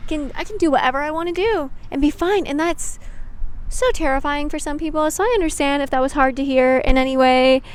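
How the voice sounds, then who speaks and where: A young adult woman who makes YouTube videos talks to camera in a high-pitched voice at a fairly quick pace. Her monologue is casual, candid and reflective, rambling along with lots of "like" and the odd swear word.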